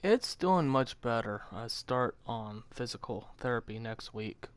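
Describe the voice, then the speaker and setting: A man's voice: medium pitch, animated, measured pace, a little hiss or hum. A man chatting casually with a friend on a stream, giving short sympathetic replies. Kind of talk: casual chat.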